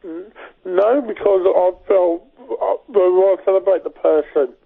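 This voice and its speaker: A man's voice: high-pitched, unhurried, vocal fry, breathy edge. A man with a Birmingham accent, co-hosting a radio show in an earnest, plain-spoken way. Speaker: radio co-host. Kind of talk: casual radio chat. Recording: tinny phone-like radio sound.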